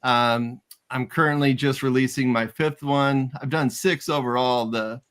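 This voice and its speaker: A man's voice: medium pitch, fairly even intonation, unhurried, a bit bright, smooth. A man talking as a guest on a casual show, easygoing and agreeable. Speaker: guest, independent filmmaker. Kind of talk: casual interview answers.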